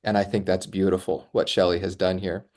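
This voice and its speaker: A man co-hosting a podcast, explaining a poem's form in a thoughtful way with frequent pauses and ums. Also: sits low, level tone, a little mellow. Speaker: podcast co-host. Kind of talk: literary discussion.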